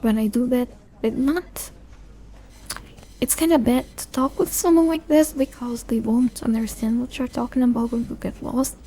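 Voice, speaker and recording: High, mellow soft-spoken young woman. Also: steady tone, normal speed. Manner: rambling and self-deprecating, loses focus; soft-spoken with bits of whisper. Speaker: ASMR creator. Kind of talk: soft-spoken ASMR chat.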